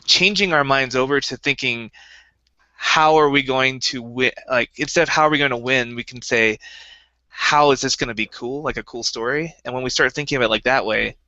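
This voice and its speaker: A man's voice: mid-range voice, normal speed, sharp tone, no echo. A man co-hosting a casual podcast chat, talking in a thoughtful, advice-giving way. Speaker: podcast co-host. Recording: dull dry lo-fi recording.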